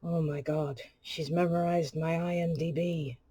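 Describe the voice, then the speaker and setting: A woman voicing a suave, wry male spy action figure who speaks low and quietly. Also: steady tone, unhurried, husky, no echo.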